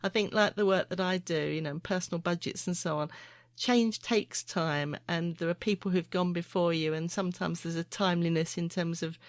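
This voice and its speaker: A woman hosting a podcast, talking in a thoughtful, measured, musing way. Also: on the low side, steady tone, dry recording. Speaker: podcast host. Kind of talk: reflective podcast conversation.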